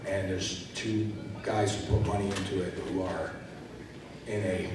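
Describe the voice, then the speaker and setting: A man's voice: sits low, fairly even intonation, measured pace, noisy background. A man, an actor, talking casually at a convention panel, telling stories in a rambling way full of fillers. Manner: rambling, filler-heavy storytelling. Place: large convention hall. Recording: echoey hall from far off.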